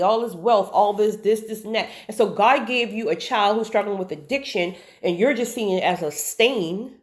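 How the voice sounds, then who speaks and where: A woman with a fairly high-pitched voice speaks directly to the viewer, telling a personal story. The monologue is casual and animated, full of words repeated for emphasis.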